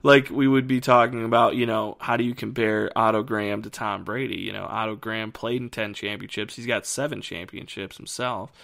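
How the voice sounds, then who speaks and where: A man co-hosting a podcast, chatting casually about a TV series in a rambling, animated way. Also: on the low side, a little fast, creaky, few pauses. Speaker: podcast co-host. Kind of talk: casual film review chat.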